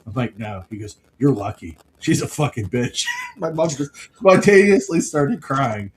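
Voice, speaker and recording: A middle-aged man co-hosting a podcast, chatting casually and telling family stories with quick impressions of the people in them. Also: medium pitch, lively intonation, a little hiss or hum, low-quality recording. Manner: storytelling, mimics his father's outbursts. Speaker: podcast co-host. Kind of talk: casual chat.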